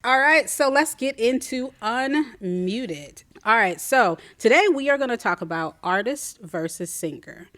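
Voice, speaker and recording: A woman co-hosting a music podcast in easygoing chat. Her voice is a little high and moves around with plenty of expression. She speaks at an unhurried pace and jokes with her guests. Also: dry recording. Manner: relaxed, chatty, jokes with guests. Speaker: podcast co-host and vocal coach. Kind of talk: casual chat.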